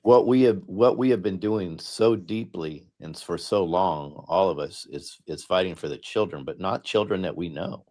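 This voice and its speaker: A man's voice: low voice, moderate pace, hardly any pauses, dark tone. A middle-aged man speaking on a panel, earnest and emphatic, often repeating his words for stress. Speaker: guest speaker, political candidate. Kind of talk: impassioned panel talk.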